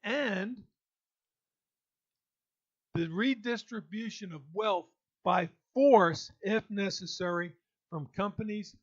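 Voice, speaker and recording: Man, high-pitched voice, indignant political monologue, emphatic, slightly muffled lo-fi recording. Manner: indignant, emphatic, with pauses and restarts. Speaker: political commentator. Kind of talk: opinion monologue. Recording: dull lo-fi audio.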